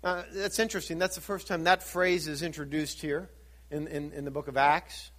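A man's voice: fairly high pitch, steady tone, moderate pace, fairly bright tone. A man preaching a sermon, teaching through scripture with rhetorical questions and building to fervent emphasis. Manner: asks rhetorical questions and answers them. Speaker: pastor.

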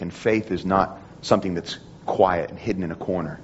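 A man's voice: sits low, fairly quick, few pauses, dull audio, a little hiss or hum. A man preaching a sermon in an earnest manner, repeating phrases and restarting often. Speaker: pastor.

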